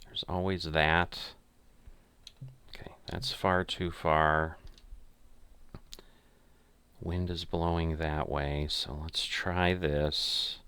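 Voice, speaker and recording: Slow, gravelly, very deep man. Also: flat delivery, bright, forceful tone. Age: older. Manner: muttering, self-critical, thinking aloud. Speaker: gamer playing a golf simulator. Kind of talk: casual gameplay commentary.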